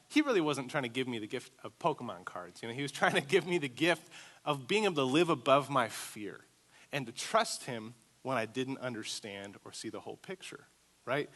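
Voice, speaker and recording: A young man preaching a sermon, telling a lively personal story and acting out the voices in it. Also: on the high side. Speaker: pastor.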